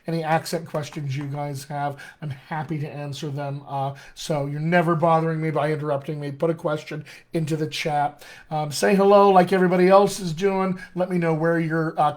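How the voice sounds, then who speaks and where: A man's voice: on the high side, moderate pace. An American man, a dialect coach, teaching casually on a live stream, chatting with viewers and using many fillers. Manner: chatty and filler-heavy, greets viewers by name.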